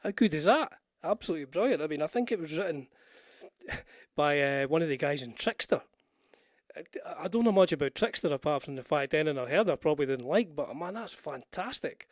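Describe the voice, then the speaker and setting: With an animated, brisk delivery in a slightly high voice, an older man from Scotland hosts a casual livestream. The studio-quality audio has no echo, and his talk meanders with frequent restarts and asides.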